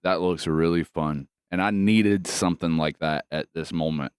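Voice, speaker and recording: Deep, smooth-voiced man telling stories. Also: normal speed, no echo, clean studio sound. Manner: profane, animated storytelling. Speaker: podcast co-host. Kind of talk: casual chat.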